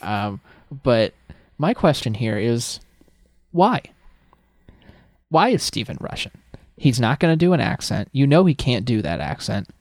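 Lively, gravelly man podcasting. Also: medium pitch, measured pace, long pauses, no room sound, clean studio sound. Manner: expressive, incredulous rhetorical questions. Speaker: podcast co-host. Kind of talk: casual chat.

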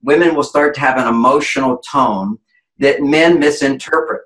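Man, relationship expert guest, emphatic lecturing manner, bright voice, echoey room. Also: medium pitch, normal speed. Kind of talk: explanatory interview talk.

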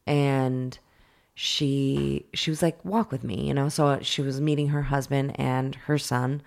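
A woman tells a story in casual chat with a low voice that drops into gravelly fry. She swears freely and stays animated, with her talk full of fillers. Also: slow pace.

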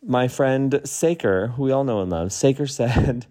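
A man's voice: medium pitch, measured pace, warm tone. A tipsy man hosting a podcast, rambling through a casual late-night monologue and laughing often. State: tipsy from wine. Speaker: podcast host.

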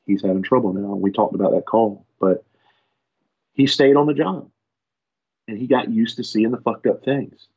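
A man's voice: fairly low pitch, normal speed, pauses often, breathy edge, muffled recording. A man, a firefighter, telling a profane story in casual podcast talk and acting out the people in it. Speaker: firefighter guest.

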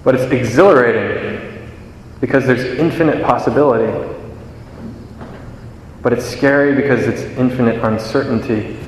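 A man's voice: mid-range voice, normal speed, pauses often, slight background noise. Young man preaching in an echoey church. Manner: conversational, self-deprecating storytelling. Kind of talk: homily. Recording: echoey church with long reverb.

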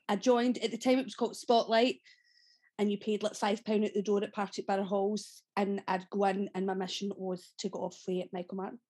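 A Scottish actress in her thirties with a Glaswegian accent tells stories in a casual podcast interview, chatty, laughing often and swearing freely. Her voice is medium-pitched and a little mellow.

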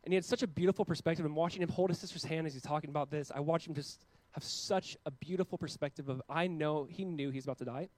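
A pastor in his thirties delivers an earnest sermon, alternating loud, emphatic peaks with quiet, slowed passages. His voice is fairly high-pitched, recorded with no echo but poor audio quality.

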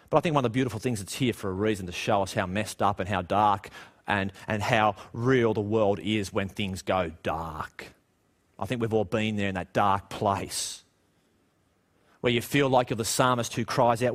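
At a moderate pace, a man gives a conversational sermon in a church. He asks rhetorical questions and goes quiet and low when the subject turns dark.

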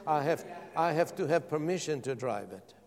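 A man's voice: fairly high pitch, lively intonation, normal speed, gravelly, a little mellow. A man preaching a sermon as pastor, calling out questions to his congregation. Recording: long hall reverb.

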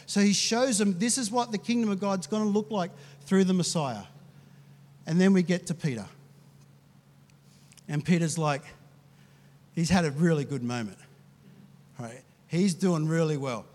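A man's voice: sits high, moderate pace, pauses often, darkish tone. A man preaching a sermon as pastor, talking conversationally and acting out the people in the story. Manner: conversational, with restarts and acted quotes. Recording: long hall reverb.

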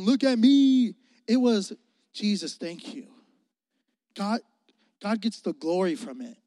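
A man, a youth pastor, preaching earnestly to students, repeating key phrases and swinging from loud emphasis to hushed, intimate lines. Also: high-pitched. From Mississippi. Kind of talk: youth sermon. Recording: dry sound with a long hall reverb.

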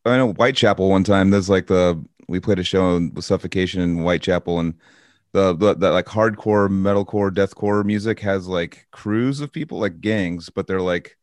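Deep-voiced man in dry close chat. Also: moderate pace, dry recording. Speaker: touring musician. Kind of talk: casual chat.

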